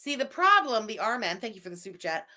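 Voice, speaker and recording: A woman's voice: on the high side, sing-song, brisk, noisy background. A woman hosting a live stream, reacting to a video with profane, mocking and heated commentary and reading out viewer messages. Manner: reads out super chats.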